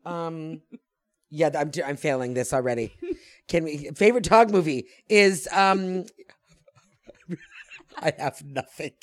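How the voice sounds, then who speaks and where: A woman guest in casual chat, telling lively stories, laughing often and acting out voices from her memories. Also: low voice, slow pace, pauses often. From small town in an Italian American family. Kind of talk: casual chat, animated storytelling.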